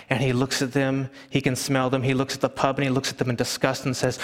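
A man preaching a sermon, telling stories and acting out hushed family chatter. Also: mid-range voice, fast talker, few pauses. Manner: animated storyteller, acts out hushing relatives. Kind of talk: sermon with storytelling. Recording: long hall reverb.

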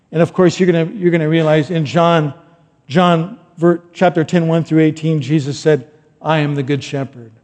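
A middle-aged man preaching a sermon in a relaxed, conversational way, with rambling asides and bursts of loud emphasis. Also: a little high, moderate pace. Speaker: pastor. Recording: long hall reverb.

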